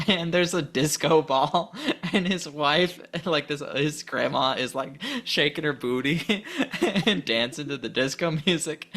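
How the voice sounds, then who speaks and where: A man's voice: fairly high pitch, takes it slowly, sharp tone. A man co-hosting a casual podcast chat, talking enthusiastically, often giggling and restarting his sentences. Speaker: podcast co-host.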